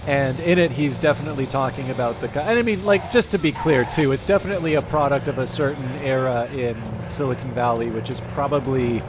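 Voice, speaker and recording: A man chats loosely during a live game stream, circling his thoughts with fillers and false starts at a middling pitch. Game music plays clearly behind him throughout. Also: fairly quick, hardly any pauses. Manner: rambling, hesitant, many fillers and restarts. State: mouth full of food. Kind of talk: casual live-stream chat.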